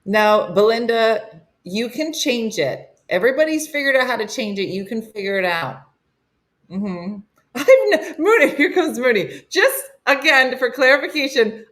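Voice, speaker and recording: A woman's voice: fairly high pitch, lively intonation, measured pace, fairly bright tone. Woman, morning show host, casual comedic chat, laughing, teasing. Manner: laughing, teasing, reads listener messages.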